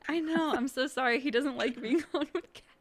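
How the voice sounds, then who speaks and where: A woman's voice: sits high, brisk, a loud crowd. A woman hosting a podcast, chatting casually, telling stories and laughing often. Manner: giggly, chatty storyteller. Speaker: podcast host. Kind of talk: casual chat.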